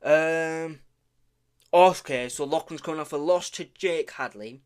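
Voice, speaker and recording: A man's voice: on the high side, measured pace, clear, resonant tone. Rambling man talking fight picks. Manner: rambling, self-correcting, stumbles over names; swears casually, offhand humor. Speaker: vlogger making fight predictions. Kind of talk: casual predictions talk.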